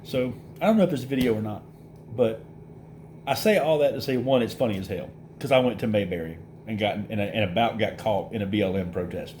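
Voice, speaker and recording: Animated man telling a story. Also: on the low side, quick pace, a little hiss or hum. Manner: animated storyteller, acts out quoted voices, laughs through it. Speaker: vlogger. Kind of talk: casual storytelling.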